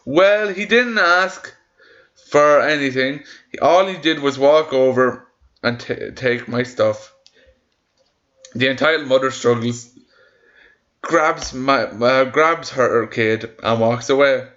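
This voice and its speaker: A man's voice: mid-range voice, slow pace, long pauses, fairly bright tone, dull audio. A young man reading stories aloud and ranting about them, heated and full of swearing and restarts. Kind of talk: casual reaction rant.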